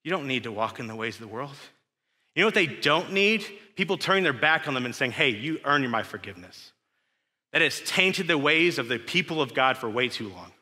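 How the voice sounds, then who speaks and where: A man's voice: mid-range voice, bright, forceful tone. A young man preaching a casual, emphatic sermon full of rhetorical questions, recorded in a church sanctuary. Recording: echoey church hall.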